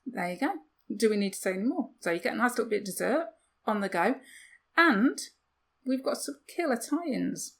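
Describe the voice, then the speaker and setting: A woman's voice: a little high, animated, normal speed, gravelly, a bit bright, slightly rough. A woman co-hosting a podcast, chatting casually with self-deprecating asides and rhetorical questions. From United Kingdom. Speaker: podcast co-host. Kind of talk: casual chat.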